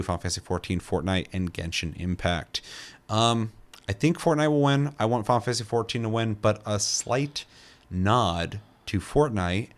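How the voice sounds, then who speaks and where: A man's voice: on the low side, smooth. A young man co-hosting a casual podcast, talking loosely with restarts and casual swearing. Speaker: co-host.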